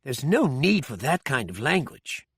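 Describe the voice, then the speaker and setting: A man voicing a cool, unflappable young woman with a soft British accent and a breezy, bland manner. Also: very deep voice, big pitch swings, measured pace, slightly rough, no room sound, studio quality, exaggerated voice.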